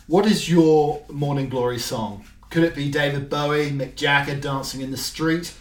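A man's voice: on the high side, moderate pace. A man hosting his own show in casual, rambling chat, joking and full of ums and restarts. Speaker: podcast host. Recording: roomy, distant mic, faint music.

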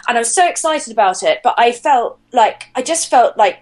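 A woman's voice: fairly high pitch, expressive, normal speed. Woman in her 30s, interview guest, candid and rambling with fillers. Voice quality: chatty, hesitant, many fillers and restarts. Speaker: podcast guest. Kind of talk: candid personal storytelling.

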